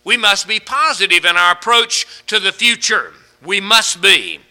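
High, bright-voiced male preacher. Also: expressive, moderate pace. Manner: folksy storytelling with rising emphasis. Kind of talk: sermon.

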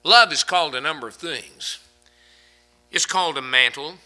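Bright-voiced male preacher with dramatic swings. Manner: dramatic swings between loud emphatic peaks and hushed low phrases; quotes scripture in slow, drawn-out delivery. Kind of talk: sermon.

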